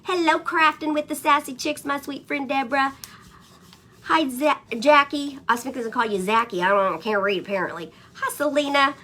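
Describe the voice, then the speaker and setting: A woman's voice: sits high, fairly quick, bright, forceful tone, a little hiss or hum. A woman hosting a casual craft livestream, chatting and greeting viewers by name between stories. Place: home.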